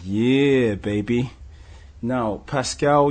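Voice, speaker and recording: A man hosting a sports podcast, casual and upbeat, with shouted hype intros. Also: mid-range voice, measured pace, slightly rough. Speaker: podcast host.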